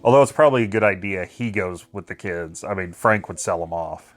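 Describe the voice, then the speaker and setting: A man's voice: deep voice, a little fast, soft background music. A man guesting on a podcast, making playful joking asides during casual movie commentary.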